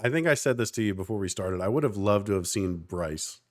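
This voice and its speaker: A man, co-hosting a podcast in casual chat, earnest and animated. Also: fairly low pitch, a little fast. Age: 30s. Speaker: podcast co-host.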